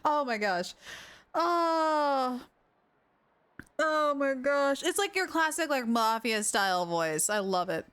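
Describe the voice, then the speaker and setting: A woman's voice: high-pitched, animated, slow pace, fairly bright tone. A young woman streaming a game live, bubbly and laughing a lot as she reacts and reads dialogue aloud.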